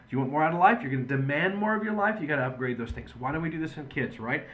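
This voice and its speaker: A man's voice: fairly high pitch, racing, muffled recording. A man speaking as a chiropractor in a patient education video, in an earnest, conversational storytelling manner.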